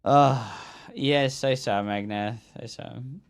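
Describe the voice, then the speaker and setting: A man's voice: medium pitch, slow pace, smooth. A man streaming a strategy game, talking casually to his chat, swearing and venting frustration while explaining his build. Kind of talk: casual livestream talk over gameplay.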